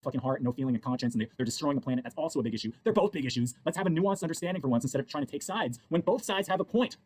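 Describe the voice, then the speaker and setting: A man's voice: on the high side, animated, rapid-fire, darkish tone, husky. A man lecturing in a self-help video, rambling and preachy, repeating himself. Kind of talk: lecturing monologue.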